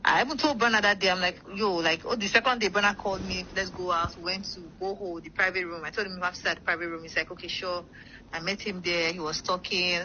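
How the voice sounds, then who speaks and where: Fast-talking woman, rambling. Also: lowish voice, fairly even intonation, sharp tone. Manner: rambling, many fillers like "like" and "blah, blah". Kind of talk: casual storytelling interview. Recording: dull lo-fi sound with faint noise.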